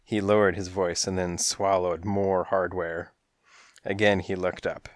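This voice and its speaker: A man's voice: low-pitched, flat delivery, measured pace, dry recording. A man narrating a comic detective story in the first person, wry and rhythmic, on a close mic. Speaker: audiobook narrator.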